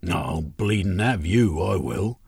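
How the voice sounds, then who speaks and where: A man putting on a coarse workmaster, snarling threats in a husky, loud voice. The sound is dry and close, as in an audiobook. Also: deep voice, animated, takes it slowly, no room sound, exaggerated voice. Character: brutal sallow-faced male factory workmaster.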